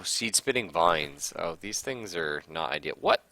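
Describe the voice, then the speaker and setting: Deep-voiced man narrating a game. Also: animated, normal speed, sharp tone. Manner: reads game text aloud, reacts with sudden swearing. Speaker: gaming streamer. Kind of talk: casual let's-play commentary.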